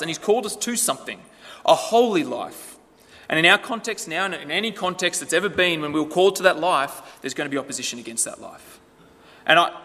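Bright-voiced preacher in a reverberant hall. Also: male voice, on the high side. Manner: conversational preaching with rhetorical questions. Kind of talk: sermon.

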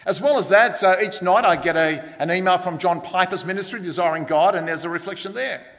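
High-voiced pastor in a reverberant church. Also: male voice, brisk, fairly bright tone. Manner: conversational preaching with asides to the congregation. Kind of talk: sermon. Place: church hall.

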